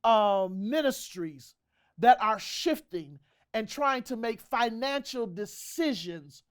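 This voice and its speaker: A woman's voice: fairly high pitch, animated, slow. A woman host giving a motivational business talk, emphatic, with preacher-like repetition.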